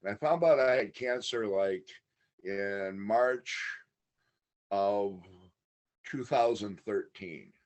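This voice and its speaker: A man's voice: fairly low pitch, slow pace, long pauses. A man talking as a podcast guest, telling a long personal story in a candid, matter-of-fact way. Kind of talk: casual interview storytelling.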